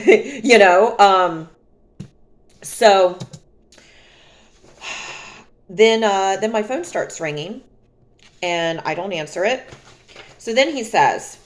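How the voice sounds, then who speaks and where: Slow, deliberate woman telling a story. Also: mid-range voice. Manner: calm, emphatic, dramatic retelling. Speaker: vlogger. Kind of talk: storytime monologue.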